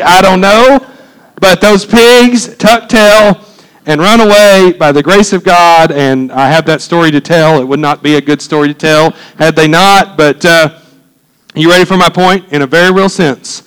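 A man delivers a sermon built around a personal story. His voice sits high for a man, and he talks in an animated, emphatic way that swells on the dramatic beats. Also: smooth, poor audio. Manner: animated, emphatic, exclaims sound effects. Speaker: pastor.

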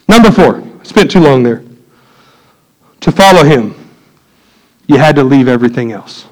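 A man, preaching a sermon in a church, swinging from loud emphatic peaks to low quiet asides. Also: lively intonation, normal speed, long pauses, low-quality recording. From United States. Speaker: pastor. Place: church sanctuary.

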